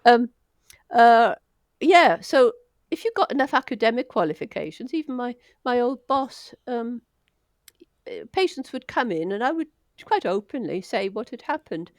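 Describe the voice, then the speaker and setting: A woman's voice: a little high, very animated, moderate pace, no echo, studio quality. An older woman from Wales, a doctor telling stories in an interview, chatty and self-deprecating. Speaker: doctor, guest. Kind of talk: casual storytelling interview.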